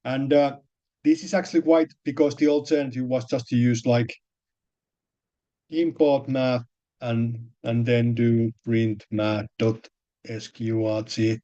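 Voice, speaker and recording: A male programming teacher who talks through his code haltingly, stopping to restart and fill pauses as he explains each step. His voice is mellow and unhurried. It comes through a somewhat dull, lo-fi recording. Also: medium pitch, flat delivery. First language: Finnish. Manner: hesitant, many restarts and fillers, explains step by step. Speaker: programming lecturer.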